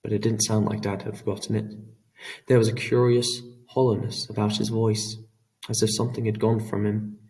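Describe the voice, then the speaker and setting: A man reading an audiobook in a measured, dramatic storytelling manner. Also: fairly low pitch, level tone, darkish tone, distant mic. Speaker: audiobook narrator. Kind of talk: scripted narration.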